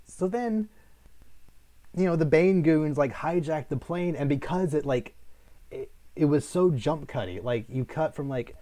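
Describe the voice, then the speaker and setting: A man's voice: a little high, lively intonation, unhurried, dark tone. A man hosting a casual film discussion, rambling and critical, with many fillers and restarts. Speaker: host.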